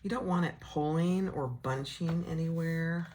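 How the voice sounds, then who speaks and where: Woman, low voice, easygoing sewing tutorial host, a slow chatty walkthrough. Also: a little hiss or hum. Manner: relaxed, chatty, thinking aloud while working. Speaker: sewing instructor.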